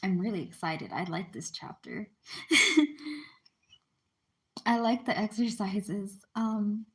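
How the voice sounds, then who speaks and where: A woman reading a book aloud in a casual, chatty way, stopping now and then to explain terms and apologize. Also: medium pitch. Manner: informal, breaks off to explain and apologize.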